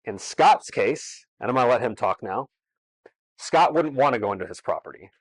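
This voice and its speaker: A man's voice: medium pitch, animated, moderate pace, husky, dry recording, rough recording. Emphatic man presenting to landlords. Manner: emphatic, conversational, explains step by step. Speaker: real estate seminar presenter. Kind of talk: explanatory seminar talk.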